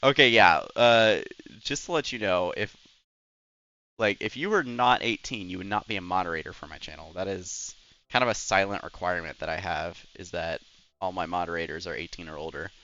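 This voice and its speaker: A man's voice: low-pitched, fairly quick, sharp tone, muffled recording. A young man who is a Twitch streamer, rambling in casual chat while gaming and filling his talk with "like" and "anyways.". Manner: rambling and chatty, full of "like" and "anyways".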